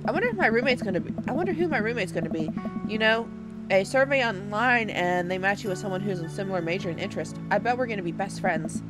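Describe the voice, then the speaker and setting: A woman's voice: mid-range voice, animated, over loud music, close to an everyday voice, poor audio. A woman doing a bubbly teenage girl. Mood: excited. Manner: bubbly, gushing, quick chatter. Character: excited teenage girl heading to college. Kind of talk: reading game dialogue aloud.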